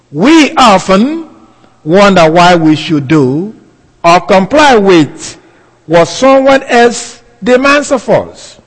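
A man giving a sermon in a slow, deliberate, emphatic way. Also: high-pitched, in a large hall, low-quality recording. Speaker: preacher.

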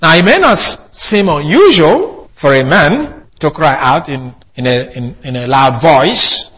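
Lively, husky-voiced man preaching. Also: on the high side, measured pace. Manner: conversational teaching with frequent restarts and fillers. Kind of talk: sermon. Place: church hall.

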